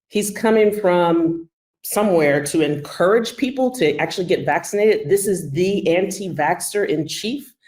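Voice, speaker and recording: Sarcastic low-voiced Texan woman host. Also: darkish tone, rough recording. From Texas. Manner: sarcastic, emphatic. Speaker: co-host, doctor. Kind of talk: hosting a commentary segment.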